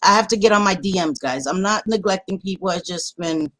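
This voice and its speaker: A woman hosting a casual livestream, greeting viewers warmly by pet names and swearing freely in animated chat. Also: medium pitch, brisk, crowd noise. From Latina. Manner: animated, swearing, affectionate nicknames. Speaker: livestream host.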